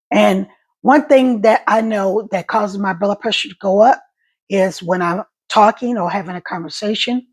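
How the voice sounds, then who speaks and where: A middle-aged woman who survived a stroke vlogs casually to camera in a gravelly, husky, mid-range voice. Her speech is halting with repeated words, and her voice catches and crackles when she gets emotional.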